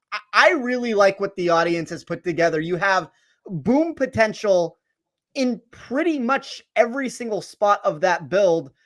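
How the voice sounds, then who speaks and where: A man on a casual live sports chat, giving measured, thoughtful takes. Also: sits high, a bit bright. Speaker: fantasy golf analyst.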